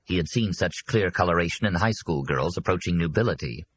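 A man narrating an audiobook in a steady, measured storytelling manner. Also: deep voice, slightly rough, dry recording, poor audio. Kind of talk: scripted narration.

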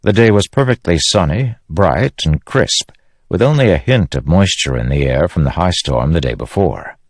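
Male audiobook narrator, very low voice, dry studio read. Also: lively intonation, normal speed, no echo. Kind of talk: scripted narration.

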